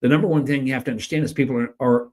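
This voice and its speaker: Guy on a podcast talking sales, lots of energy, mid-pitched voice, repeats himself a lot, acts out pitches. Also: fairly even intonation, very fast, darkish tone. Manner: repeats words often when starting sentences. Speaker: podcast co-host and sales trainer. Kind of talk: casual podcast conversation.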